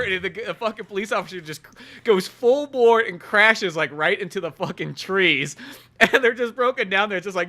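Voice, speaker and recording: A man's voice: sits high, expressive, fairly quick, bright, forceful tone. A man co-hosting a casual podcast, retelling film scenes with lots of swearing and laughter. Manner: laughing storyteller, swears a lot, acts out scenes. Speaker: podcast co-host. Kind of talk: casual movie review chat.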